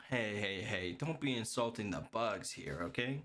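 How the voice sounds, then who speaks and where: A man's voice: lowish voice, expressive, moderate pace, a bit bright. A man streaming, chatting casually with viewers in a playful way and laughing often. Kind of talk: casual chat.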